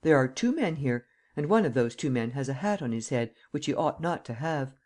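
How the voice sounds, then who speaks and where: A man reading a proud gentleman thief, locked in a cell and talking down to his visitors. He is formal and coolly mocking, every phrase precise and polite. The pitch sits in an ordinary middle range, as in a read storybook. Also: expressive, fairly quick, close to an everyday voice. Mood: coolly ironic. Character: proud, ironic male master thief in prison.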